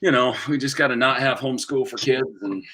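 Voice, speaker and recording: A man's voice: mid-range voice, a little fast, a loud crowd. A man co-hosting a casual live-stream chat, tossing in playful, jokey remarks. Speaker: singer-songwriter co-host. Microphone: video call.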